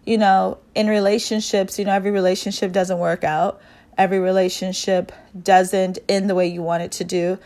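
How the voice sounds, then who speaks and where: A woman's voice: medium pitch, a little mellow. An earnest woman talking through her thoughts in a personal monologue. She circles back on her own phrases to stress them, and her speech is loose and unscripted, with fillers along the way. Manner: earnest, repeats phrases for emphasis, frequent fillers. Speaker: speaker sharing personal reflections.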